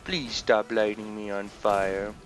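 A man's voice: fairly low pitch, fairly even intonation, slow pace. A young man giving casual gameplay commentary, goofing around and trash-talking game characters. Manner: goofy, playful trash talk to game characters. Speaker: let's play gamer. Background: game music and gunfire.

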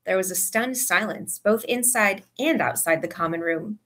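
A woman reading a story aloud with expressive narration. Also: medium pitch, moderate pace, hardly any pauses. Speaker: audiobook reader.

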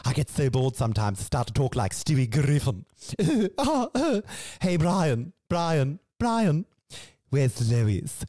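A woman's voice: low voice, very animated, takes it slowly, dark tone, no echo, voice pushed down, heavily acted. A woman voicing a crude, goofy cartoon dad with a dry, close sound.

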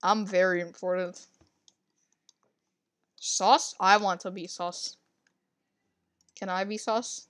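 A woman giving casual, excitable commentary while playing a game, gasping and rambling. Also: mid-range voice, slow pace, long pauses. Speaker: gaming video creator.

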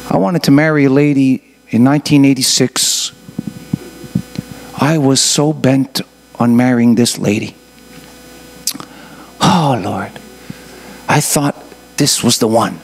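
A man's voice: mid-range voice, steady tone, unhurried, creaky, slight background noise. A man in his fifties preaching a sermon as pastor of a church, often asking the congregation questions and adding joking asides. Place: church sanctuary.

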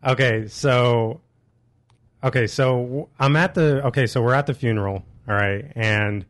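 Brief: male podcast co-host, mid pitch, animated storyteller who swears a lot. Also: measured pace, no echo. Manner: animated, swearing, laughs at his own story. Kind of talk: casual chat, storytelling.

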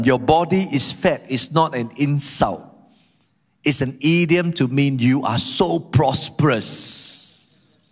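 A man, a guest pastor, preaching a sermon emphatically and asking the congregation rhetorical questions. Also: fairly high pitch. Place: church sanctuary. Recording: reverberant church hall.

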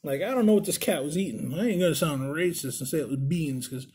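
A man vlogging in a casual, profane storytelling voice, animated and crude, jumping into high voices when he quotes people. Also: fast talker, husky. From Puerto Rican family. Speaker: vlogger telling stories. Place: Las Vegas.

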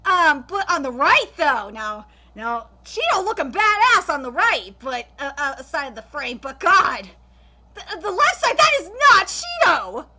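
A woman hosting a live anime reaction video, excitable, gushing and ranting by turns and swearing freely. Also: very high-pitched, a little slow, slight background noise.

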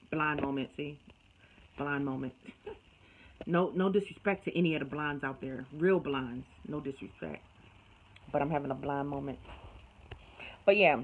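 A woman's voice: sits low, muffled recording, slight background noise. A woman vlogger chatting casually to her phone camera in a home kitchen, rambling and calling her viewers y'all.

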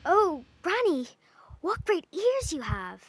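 A woman's voice: very high-pitched, very animated, slow pace, dry recording, voice pushed up, exaggerated voice. A woman voicing a trusting little girl in a red cape, eager and polite. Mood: nervous. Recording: music playing behind.

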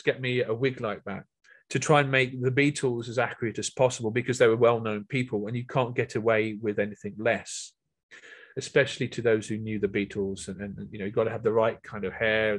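A man's voice: on the low side, flat delivery, a little fast. A middle-aged man reminiscing earnestly in a talk, often restarting and repeating words. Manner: earnest, many restarts and repetitions. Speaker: guest speaker.

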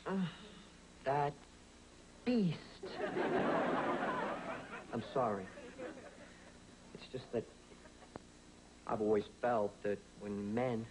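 An actor playing a vain, smooth-talking middle-aged ladies' man in a studio sitcom, with smarmy, affected sensitivity. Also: a little high, a little mellow, rough recording. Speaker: sitcom character, a self-styled ladies' man. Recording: laughter and noise from a studio audience.

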